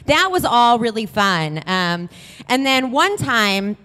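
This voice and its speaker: A woman's voice: a little high, sing-song, slow pace, sharp tone, in a large hall. A woman telling a true-sounding personal story on stage, chatty and candid, swearing freely. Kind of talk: live comedic storytelling.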